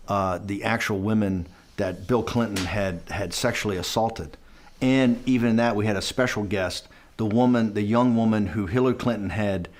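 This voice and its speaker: A man being interviewed, telling a long story in a loose, rambling way, often restarting and acting out what people said. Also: fairly low pitch. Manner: rambling, animated, restarts and acts out quoted dialogue. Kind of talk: conversational storytelling.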